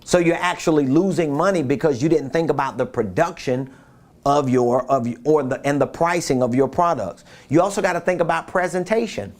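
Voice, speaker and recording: A man's voice: fairly high pitch, a little fast, a little mellow. Emphatic man coaching on business. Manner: emphatic, repeats key points; acts out quotes with voices. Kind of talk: coaching talk.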